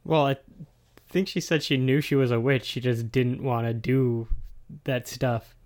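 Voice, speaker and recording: A man's voice: medium pitch, fairly even intonation, unhurried, a little mellow. A man co-hosting a podcast, chatting casually in a laid-back, wry, questioning way. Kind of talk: casual chat.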